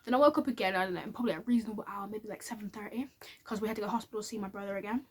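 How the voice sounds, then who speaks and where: A woman's voice: medium pitch, rapid-fire, a little hiss or hum. A woman telling a candid personal story to camera in a chatty, casual way. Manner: chatty and candid, with many fillers. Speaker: vlogger.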